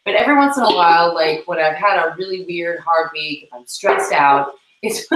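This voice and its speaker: A woman's voice: lowish voice, expressive, fairly bright tone, reverberant, rough recording. A woman co-hosting a casual livestream chat, rambling and giggling as she talks. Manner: giggly, rambling, quick asides. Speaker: co-host. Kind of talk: casual chat while cleaning tack.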